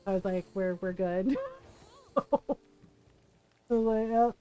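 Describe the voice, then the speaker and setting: A woman's voice: medium pitch, fairly even intonation, takes it slowly, mellow. A woman streaming a game, chatting casually and telling stories, acting out what her family said. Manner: chatty anecdotal storytelling, acts out family quotes. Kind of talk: casual live-stream chat while playing.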